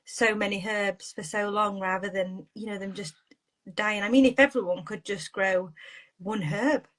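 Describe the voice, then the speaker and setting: Brief: woman podcast guest, lively and talkative, mid-pitched. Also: moderate pace, poor audio. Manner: bubbly, talkative, laughs often. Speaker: podcast guest, garden designer. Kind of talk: casual chat.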